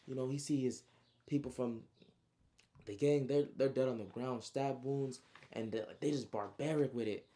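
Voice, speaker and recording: A man casually recapping his own story, slangy and animated, with frequent asides. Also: medium pitch, moderate pace.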